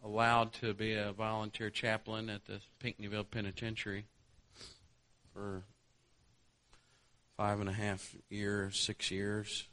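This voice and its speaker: A man's voice: lowish voice, completely flat delivery, a little slow, a bit bright. A male preacher delivering a sermon, telling a conversion story and building to an impassioned altar call.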